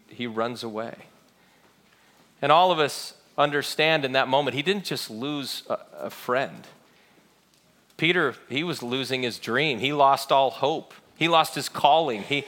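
A man preaching a sermon as a pastor, telling the story dramatically, moving between loud, quick passages and hushed, slow ones. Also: mid-range voice.

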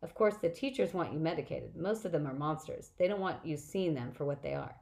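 A woman's voice: low-pitched, lively intonation, a little fast, a little mellow. Woman doing Annabeth, a clever earnest teen girl.

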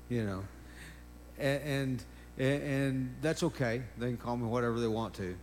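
A man's voice: medium pitch, slight background noise. A man preaching a sermon, emphatic and repetitive, breaking in with praise interjections. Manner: emphatic, drawn-out preaching with repeated phrases and interjections.

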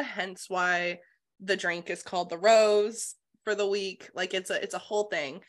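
A woman co-hosting a podcast, retelling a novel's plot in casual book-club chat, animated and sprinkled with swearing and "like". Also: medium pitch, moderate pace. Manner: animated retelling, swears freely, filler 'like'. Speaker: podcast co-host.

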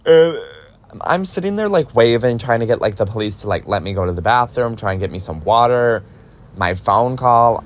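A man in his twenties casually telling a personal story, animated, full of fillers and swearing, acting out what people said. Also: medium pitch, normal speed. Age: 20s. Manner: animated, lots of fillers and swearing, acts out quotes. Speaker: vlogger.

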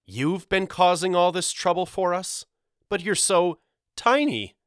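A man's voice: a little high, very animated, moderate pace, a bit bright, dry recording, studio quality, voice pushed up. A man voicing a brash, swaggering boy who bullies those smaller than him, in an audiobook. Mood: mocking. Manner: swaggering, threatening. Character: brash boy, a bullying older brother. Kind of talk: audiobook character voice.

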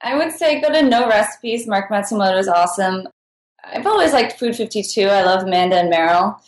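A woman chatting as a podcast guest, easygoing and giggly, her answers tumbling out casually. Her voice sits at an ordinary middle pitch. The room around her rings with a noticeable echo. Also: expressive, fairly quick. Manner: chatty and giggly, with frequent laughs. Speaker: podcast guest, food writer. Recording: echoey room.

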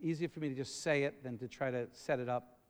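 A middle-aged man preaching a sermon, rambling and repeating words, then building up to shouting. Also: mid-range voice, fairly even intonation, fast. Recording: long reverb of a large hall.

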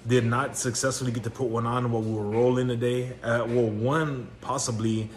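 A man's voice: medium pitch, flat delivery, a little fast. A man hosting his own podcast, chatting casually and rambling with many fillers and restarts, recorded at home. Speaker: podcast host. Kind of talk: casual solo podcast chat. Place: home laundry area, washers running. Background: dryer noise.

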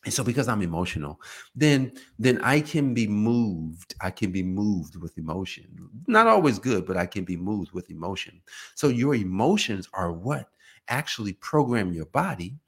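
A man hosts his own podcast and gives an emphatic motivational talk. His slightly husky voice swings widely in pitch as he pushes each point. He repeats key phrases and often restarts mid-sentence. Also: sing-song, normal speed, fairly bright tone. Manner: emphatic and repetitive, with frequent restarts; self-described emotional. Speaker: podcast host.

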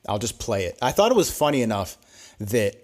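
Lower-voiced man, laughing podcast co-host. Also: big pitch swings, fairly quick. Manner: joking, laughs often, rambling. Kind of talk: casual chat.

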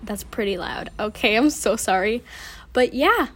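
A woman's voice: mid-range voice, animated, moderate pace, slightly rough. A young woman hosting a casual solo podcast at home, rambling and giggly with lots of fillers and "oh my god", recorded on a propped-up phone.

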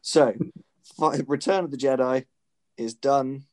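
A man's voice: medium pitch, slow pace. A man in casual conversation who restarts his sentences often and chuckles as he talks. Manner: hesitant restarts, chuckling asides. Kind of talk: casual chat.

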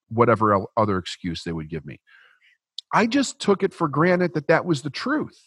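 Man, husky, dry close sound; blunt, animated, swears freely. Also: a little high, moderate pace, dry recording. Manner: blunt, profane, animated storytelling. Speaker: podcast guest. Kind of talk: storytelling in conversation.

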